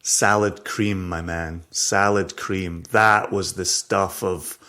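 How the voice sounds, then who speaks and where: A man's voice: low voice, fairly even intonation, takes it slowly, pushed and bright. A middle-aged man with a Scottish accent, co-hosting a podcast in casual, joking chat. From Scotland. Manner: chatty, self-deprecating, laughs often. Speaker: podcast co-host.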